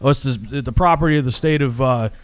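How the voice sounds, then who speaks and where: A podcast co-host tells a story in casual conversation, his medium-pitched voice moving briskly with no room sound. He swears freely and gets animated, acting out what people said.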